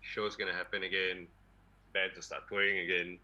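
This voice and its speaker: Husky Malaysian man, easygoing. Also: deep voice, little pitch movement, moderate pace, pushed and bright, lo-fi sound. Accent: Malaysian English. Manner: easygoing, rambling, ends phrases with a tag particle. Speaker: guest drummer. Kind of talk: casual podcast chat.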